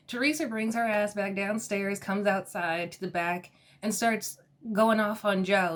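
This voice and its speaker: A woman giving a casual, animated recap of a reality show episode, exasperated and often laughing. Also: medium pitch, slow pace.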